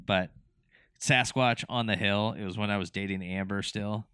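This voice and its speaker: A man's voice: fairly low pitch, steady tone, normal speed, bright, forceful tone, smooth, no room sound, clean studio sound. A man co-hosting a podcast in casual chat, talking in a laid-back, rambling way. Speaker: podcast co-host.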